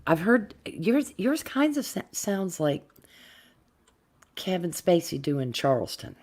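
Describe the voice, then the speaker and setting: A woman from the US South with a softened North Florida accent, chatting casually in a deliberate, well-enunciated way. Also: fairly low pitch, very animated. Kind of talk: casual chat.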